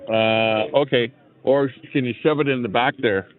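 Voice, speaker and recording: The recording has a tinny, phone-like lo-fi quality. A man with a steady, mid-range voice at normal speed hosts a live stream from a chair at an outdoor rally, talking loosely and greeting chat viewers through a small clip-on mic.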